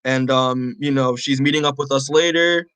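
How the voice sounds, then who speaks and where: Bright-voiced man recapping a comic. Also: mid-range voice, fairly even intonation, normal speed, clean tone, no echo, poor audio. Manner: rambling, many fillers, acts out characters' lines. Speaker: podcast co-host. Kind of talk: casual comic book recap.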